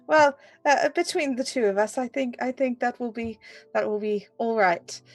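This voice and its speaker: A woman's voice: a little high, normal speed, lightly acted. A woman voicing a shy, hesitant young widow in a tabletop role-play.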